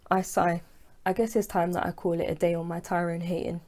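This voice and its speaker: Low mellow woman reading aloud. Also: little pitch movement. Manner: first-person storytelling, unhurried. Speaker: author and narrator. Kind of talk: audiobook reading.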